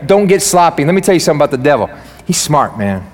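Brief: lively, joking male pastor mid-sermon, fairly high voice, long hall reverb. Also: fast. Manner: energetic, joking and preaching. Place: church sanctuary.

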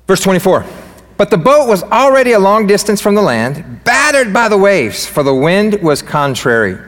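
Brief: lively, joking male pastor mid-sermon, fairly high voice, long hall reverb. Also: moderate pace. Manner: energetic, joking and preaching. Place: church sanctuary.

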